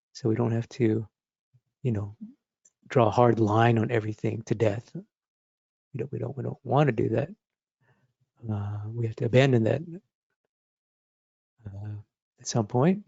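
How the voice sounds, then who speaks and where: A man teaching drawing, talking through his sketch step by step as he works, thinking aloud in a relaxed, encouraging way. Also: medium pitch, creaky, husky, dry recording, lo-fi sound. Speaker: drawing instructor. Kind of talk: live drawing demonstration.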